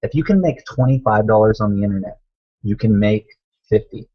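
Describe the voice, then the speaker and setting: Man, motivational coach, emphatic and repetitive, husky low voice, muffled webcam sound. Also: brisk. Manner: emphatic, repeats phrases, addresses viewers as guys. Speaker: online business coach. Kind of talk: motivational live stream talk.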